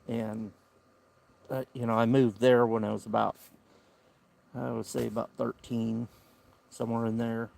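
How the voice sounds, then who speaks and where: A man's voice: medium pitch, little pitch movement, measured pace, vocal fry, long pauses, darkish tone. A man with a Southern US accent hosting a casual camping livestream outdoors, talking in an easygoing, rambling drawl. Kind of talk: casual live-stream chat. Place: outdoor campsite by the woods.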